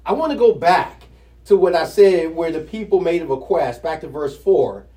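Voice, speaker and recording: High-voiced man teaching scripture, off-mic. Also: normal speed, recorded from a distance. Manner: conversational and animated, chuckles, rhetorical questions to the listeners. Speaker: Bible study teacher. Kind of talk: Bible teaching, scripture reading with commentary.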